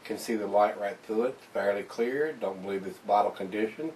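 A man's voice: fairly low pitch, normal speed, darkish tone, far from the mic, slight background noise. A man giving a casual, folksy beer review to camera, chatting to viewers as guys. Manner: folksy, laid-back, keeps calling viewers "guys".

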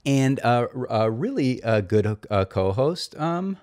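A man hosting a comedy review show, delivering a mock-earnest monologue in a deadpan, rambling way with constant hesitations. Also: mid-range voice, a little slow. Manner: rambling, full of fillers and restarts, deadpan.

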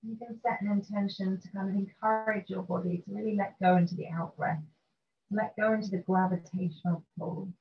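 A woman teaching a restorative yoga session, guiding gently and calmly through poses and breathing. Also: medium pitch. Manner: gentle, slow and soothing guidance. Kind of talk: guided restorative yoga instruction. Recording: dull lo-fi recording with faint noise.

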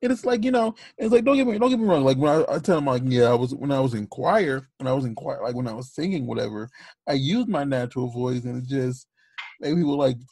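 A man co-hosting a casual podcast who talks earnestly with stammering restarts and keeps his voice above its natural deeper range. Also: animated, fast, darkish tone, husky, no room sound. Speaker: podcast co-host.

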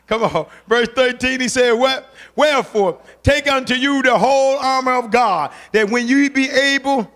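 Male preacher, very high voice, fervent and colloquial, calls back and forth with the congregation. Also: normal speed, a bit bright. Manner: fervent, urging the congregation in call-and-response; colloquial, repeats phrases for emphasis. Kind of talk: sermon.

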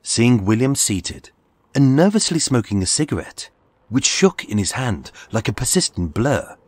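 A man narrating a true-crime story in a measured, dramatic scripted style. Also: medium pitch, sing-song, a little mellow, no echo. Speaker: podcast narrator. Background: faint music.

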